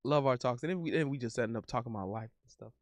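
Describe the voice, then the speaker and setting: A man's voice: mid-range voice, racing, no room sound, clean studio sound. A man in his thirties chatting casually on a livestream, rambling and repeating himself in slangy talk. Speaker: live streamer. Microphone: studio condenser mic.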